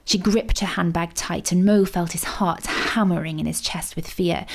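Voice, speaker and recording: A woman reading a children's storybook aloud, with expressive, suspenseful narration. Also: fairly low pitch, moderate pace, vocal fry, a little hiss or hum.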